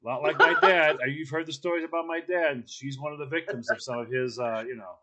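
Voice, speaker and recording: A man's voice: on the high side, steady tone, fast talker, a loud crowd. A man telling a long, rambling story in casual podcast chat, with many fillers and restarts.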